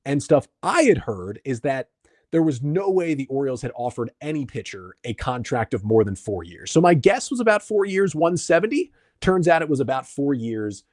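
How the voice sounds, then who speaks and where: Lively man breaking down baseball stats. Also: mid-range voice, no echo, studio quality. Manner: brisk, stat-heavy explaining. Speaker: podcast host. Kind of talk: solo sports podcast analysis.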